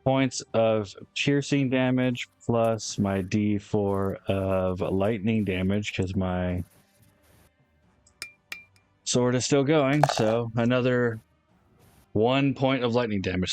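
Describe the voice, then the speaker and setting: Chatty male player, low voice, dry close sound. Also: slow, darkish tone, no room sound. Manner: chatty, laughs easily. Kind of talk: casual tabletop play.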